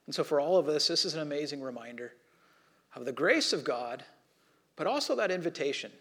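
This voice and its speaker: Preaching at a brisk pace, the pastor narrates a story with animated, dramatized quotes, going quiet and low for the prayerful passages.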